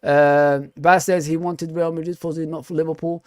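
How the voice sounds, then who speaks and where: A man's voice: fairly high pitch, level tone, normal speed, clean tone, no room sound. A young man hosting a football fan stream, rambling and repeating himself in loose slangy chat. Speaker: fan channel host. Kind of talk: casual live stream chat.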